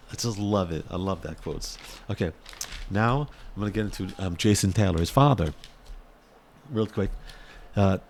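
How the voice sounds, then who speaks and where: A man giving casual, excitable sports commentary in a vlog, rambling and repeating his words as he gets worked up. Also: on the low side, vocal fry, a little hiss or hum.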